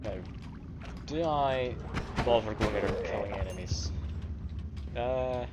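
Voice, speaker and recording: The audio is very noisy as a Scottish man with a mild accent and a fairly low voice talks slowly during a game live stream. He chats casually, puts himself down in good humor, and reads and responds to chat.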